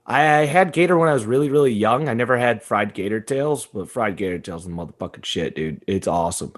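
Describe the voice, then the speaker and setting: A young man co-hosting a podcast, telling a story in casual chat, animated and profane, laughing often. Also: fairly low pitch, fast, hardly any pauses. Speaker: podcast co-host.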